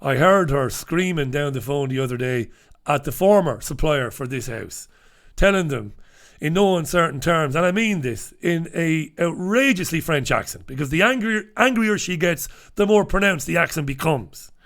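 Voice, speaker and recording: A man's voice: fairly high pitch, lively intonation, normal speed, fairly bright tone. A middle-aged man hosting a newspaper review, talking in a blunt, casual, opinionated way, swearing freely and dropping chatty asides.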